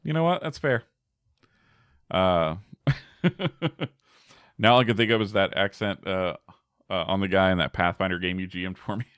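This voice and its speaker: A man's voice: low voice, fairly even intonation, normal speed, pauses often, fairly bright tone, smooth, no room sound, studio quality. A man giving casual gameplay commentary as a streamer, chatty, laughing often and talking back to his chat.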